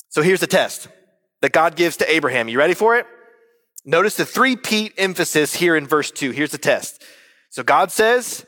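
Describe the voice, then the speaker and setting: Lively high-voiced pastor in echoing hall. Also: male voice, moderate pace. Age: 30s. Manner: animated, conversational preaching. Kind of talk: sermon. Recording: long reverb of a large hall.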